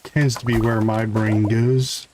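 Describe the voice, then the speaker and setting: A man's voice: lowish voice, slow, noisy background. A man with a Midwestern American accent, casually commenting on his farming game during a live stream. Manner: relaxed, chatty, talking to chat while playing. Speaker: gaming streamer.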